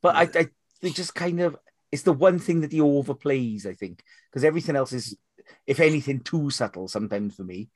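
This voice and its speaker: Man, podcast co-host, lively, casual, dry close sound. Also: mid-range voice, a little fast, no echo. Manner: animated, swears casually, laughs while talking. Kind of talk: casual film discussion.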